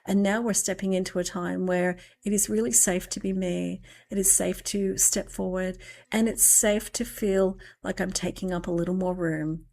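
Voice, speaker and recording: A woman talks through a spiritual meditation in a reflective conversation. Her voice sits at a middling pitch with a gravelly, fried edge. She speaks slowly and musingly, with long pauses between thoughts. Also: darkish tone. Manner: slow, musing storytelling with drawn-out pauses.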